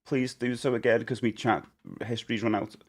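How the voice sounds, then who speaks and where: A man's voice: medium pitch, flat delivery, brisk. A man chatting casually on a live game stream, jokey and talkative as he greets his chat by name. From England.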